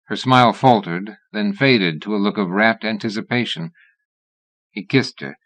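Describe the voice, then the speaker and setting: A man reading a horror novel aloud as an audiobook narrator, in a measured, even-toned way. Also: on the low side, dry recording.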